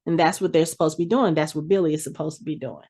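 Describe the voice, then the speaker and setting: Her voice is low and husky, and she talks at a quick pace. As a podcast host, she recaps a TV episode in casual conversation, animatedly acting out what the characters say.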